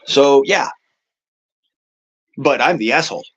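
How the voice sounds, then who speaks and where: A man's voice: medium pitch, slow pace, lo-fi sound. A man ranting casually and profanely to his audience, exasperated and often laughing at himself. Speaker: show host.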